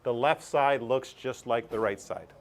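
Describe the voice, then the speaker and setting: A man's voice: mid-range voice, a little slow. A middle-aged man teaching a math lesson over a screen recording, chatty, thinking aloud and putting questions to himself.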